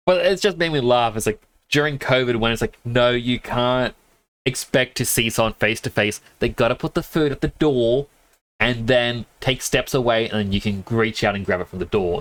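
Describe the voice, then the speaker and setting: A man streaming a game, sniffling a little and telling rambling stories with quick laughs into a desk mic. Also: medium pitch, a bit bright. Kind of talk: casual chat while gaming.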